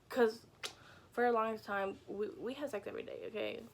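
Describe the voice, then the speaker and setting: A woman's voice: on the high side, fairly even intonation, moderate pace, a little hiss or hum. A young woman vlogger telling a casual storytime from her bedroom, chatty and peppered with "like" and "you know," swearing freely. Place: home bedroom.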